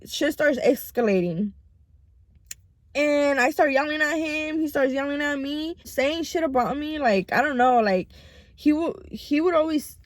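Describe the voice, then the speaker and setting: A young woman telling a storytime vlog in a loose, rambling way, full of swearing and fillers. Her voice is a bit high, and the sound is dry and close to the mic. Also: no room sound. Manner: profane, rambling, animated retelling. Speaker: vlogger. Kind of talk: casual storytime chat. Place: home.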